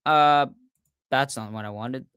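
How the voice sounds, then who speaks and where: A man hosting a casual livestreamed podcast, talking excitedly and often restarting his sentences with fillers. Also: medium pitch, measured pace, smooth, dry recording, studio quality. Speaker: podcast host.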